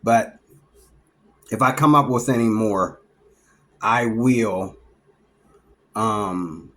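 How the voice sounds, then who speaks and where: A man vlogging in a casual storytelling monologue, lively and acting out the people he talks about. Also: fairly low pitch, drawn-out words. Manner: animated, acts out the people he describes.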